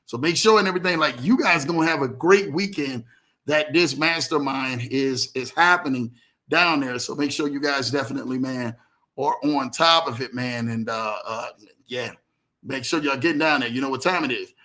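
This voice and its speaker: A man hosting a casual livestream, animated, greeting viewers by name and telling stories in loose slang. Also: mid-range voice, moderate pace. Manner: animated, reads out viewer comments, Southern US slang. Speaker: livestream host.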